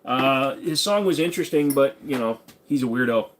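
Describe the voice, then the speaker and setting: Casting: mid-pitched male streamer, easygoing and rambling, riffs on chat questions. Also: moderate pace, a little hiss or hum. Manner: relaxed, rambling, reads viewer questions aloud and jokes back. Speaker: livestream host answering chat. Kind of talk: casual livestream Q&A.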